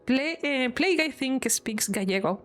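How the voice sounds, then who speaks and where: A woman's voice: high-pitched, expressive, normal speed, soft background music. A woman from Spain with a Spanish accent, chatting casually on a live stream, laughing often and explaining things with examples.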